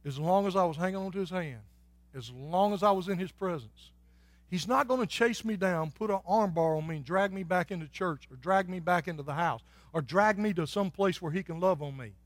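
A man preaching a sermon as a pastor, dropping soft and low and then rising to shouted exhortation. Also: fairly quick, no room sound. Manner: folksy, swings from soft and low to loud and shouting.

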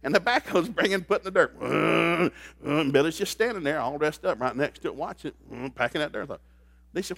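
A man preaching a sermon, telling stories in an animated way and laughing at them. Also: fairly high pitch, brisk, vocal fry, no echo. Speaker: pastor. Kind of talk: storytelling sermon.

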